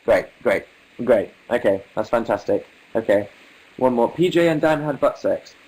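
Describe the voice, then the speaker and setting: A man's voice: mid-range voice, lively intonation, moderate pace, a little mellow, rough recording. A young English man hosting a casual livestream, reading viewer comments aloud with wry, amused asides in an articulate manner. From England. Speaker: livestream host.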